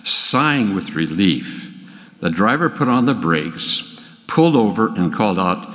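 Older man, pastor, folksy sermon, halting restarts, reverberant church. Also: lowish voice, very animated, a bit bright. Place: church sanctuary.

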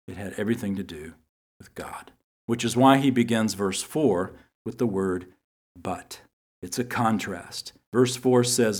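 Male Bible teacher, mid-pitched, earnest sermon delivery, repeats key lines. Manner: earnest, repeats key phrases for emphasis, reads scripture slowly.

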